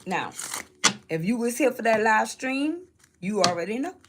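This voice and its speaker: A woman's voice: on the high side, big pitch swings, normal speed, heavy background noise. A woman from New Orleans, chatting casually through a tarot reading and laughing often. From New Orleans, Louisiana. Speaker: spiritual reader. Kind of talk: tarot reading live stream.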